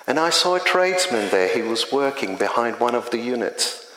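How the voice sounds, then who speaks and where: A middle-aged man, a community chaplain telling his testimony in an earnest, measured way. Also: medium pitch, big pitch swings, bright, forceful tone. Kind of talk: spoken testimony. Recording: echoey hall with faint ambience.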